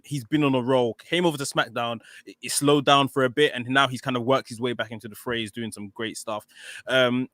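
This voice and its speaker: A man from the UK, chatting casually as a podcast co-host, animated, with frequent ums. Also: mid-range voice, dry recording. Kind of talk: casual chat.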